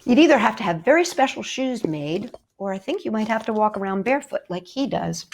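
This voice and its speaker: A woman's voice: fairly high pitch, animated, a little fast, a little hiss or hum. A woman hosting a children's story time, reading picture books and poems in a sing-song, encouraging way and talking straight to the kids.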